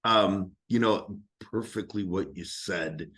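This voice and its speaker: A man with a somewhat low voice hosts a relaxed interview. He rambles through his questions, piling on fillers and animated asides. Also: slow pace. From Italian-American family in Illinois. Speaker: interviewer, host. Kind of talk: casual interview conversation.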